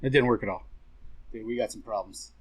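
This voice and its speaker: A man's voice: on the low side, brisk, husky, no echo. A man with a Midwestern American accent co-hosting a podcast, joking around and telling stories in casual banter. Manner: wisecracking, storytelling. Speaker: podcast co-host.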